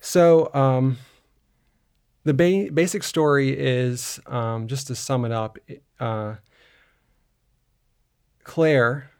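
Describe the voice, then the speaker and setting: A man's voice: mid-range voice, extremely slow, pauses often, darkish tone, smooth. A man co-hosting a film podcast, recapping a movie in a rambling, casual way with lots of fillers and restarts. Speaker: podcast co-host.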